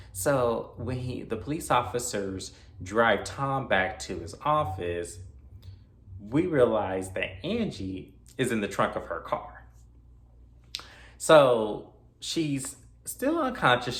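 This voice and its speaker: A man casually recapping a horror film's plot for his review channel, chatty and animated, talking back to the characters. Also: fairly low pitch. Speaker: movie reviewer. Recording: echoey room with faint noise.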